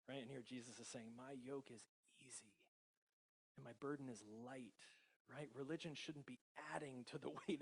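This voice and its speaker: A male pastor with an American accent preaching a casual, conversational sermon, often chuckling and checking in with the congregation. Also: medium pitch. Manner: conversational, laughs often, many tag questions.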